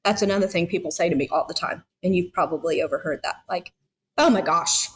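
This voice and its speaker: A woman's voice: fairly low pitch, fast talker, a little hiss or hum. A woman in her thirties talking as a foster parent guest in a heartfelt podcast conversation, earnest and emotional, with many fillers.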